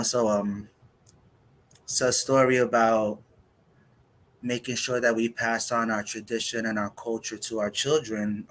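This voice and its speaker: A man, a poet of half Dominican and half Puerto Rican heritage who grew up in the United States, performing spoken word poetry in a measured, reflective way with pauses. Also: on the low side, fairly bright tone, slight background noise.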